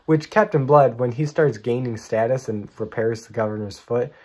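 A man's voice: mid-range voice, moderate pace, darkish tone. A man hosting a movie review show, talking casually with opinionated enthusiasm and joking asides.

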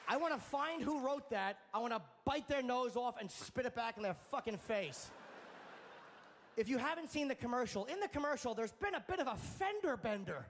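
A man doing a stand-up comedy set on a club stage, sardonic and profane, landing his punchlines deadpan. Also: very high voice, moderate pace, slight background noise.

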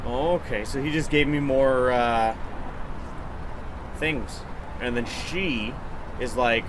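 A man's voice: medium pitch, slow, long pauses, background noise. A man giving casual, profane, joking commentary while playing a strange video game. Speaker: let's play host. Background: game music.

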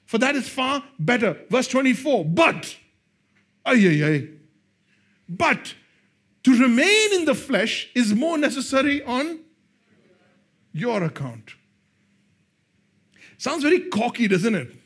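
A male pastor preaching a sermon, swinging between hushed, slow lines and loud, excited bursts. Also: extremely high pitch, breathy edge.

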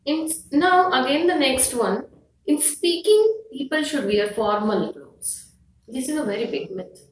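A woman with an Indian English accent gives a firm, instructive lesson, pausing often on fillers. Her voice sits a little high. She sounds set back from the mic in a room with a clear echo. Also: lively intonation, distant mic, a little hiss or hum. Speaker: IELTS teacher. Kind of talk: explanatory lesson to camera.

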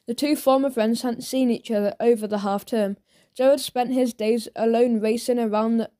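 Woman narrator for a kids' audiobook, lively storytelling, mellow and fairly high.

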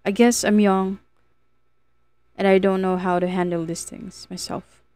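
A woman narrating a first-person novel as an audiobook, in a measured, earnest reading. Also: mid-range voice, level tone, a little mellow, smooth, dry recording.

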